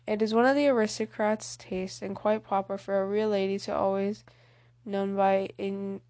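A woman's voice: medium pitch, little pitch movement, moderate pace, darkish tone, close to an everyday voice. A woman reading the lines of a fretful, fashion-minded teenage girl in an audiobook, fussy and proper.

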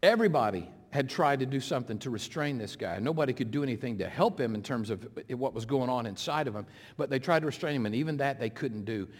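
A middle-aged man, an interim pastor, preaching a sermon, swinging between loud, pressing appeals and hushed, slow retellings. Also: medium pitch, animated. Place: church sanctuary. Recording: long hall reverb.

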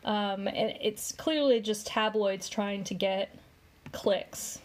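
A woman's voice: medium pitch, slow pace. A woman co-hosting a casual commentary podcast, chatty and heavy on fillers as she explains. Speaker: podcast co-host.

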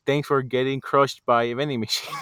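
A man's voice: medium pitch, no echo. A young man playing a party card game outdoors, teasing and bossing his friends around. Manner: bossy, teasing, lively. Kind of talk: casual chat over a party card game. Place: outdoors in a public spot.

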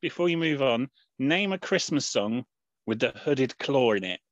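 A man co-hosts a relaxed podcast, mostly chiming in with short, encouraging remarks. His voice sounds dry and close, with a slightly muffled tone. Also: mid-range voice, moderate pace, no room sound. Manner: brief, encouraging interjections. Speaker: podcast co-host. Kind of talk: casual chat.

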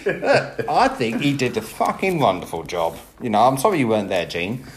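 A man's voice: mid-range voice, very animated, normal speed. A man co-hosting a podcast, rambling and swearing with laughs in casual banter. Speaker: podcast co-host, sound and light technician. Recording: echoey room.

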